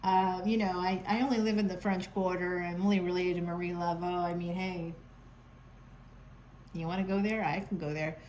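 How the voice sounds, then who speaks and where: A woman's voice: lowish voice, steady tone, moderate pace, a little mellow, slight background noise, poor audio. A woman giving a casual, chatty tarot reading from home, playful and sarcastic, laughing often. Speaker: tarot reader.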